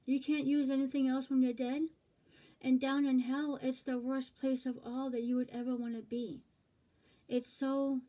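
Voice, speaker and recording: Earnest, repetitive woman preacher; warm, slightly high voice. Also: poor audio. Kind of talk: informal preaching to camera.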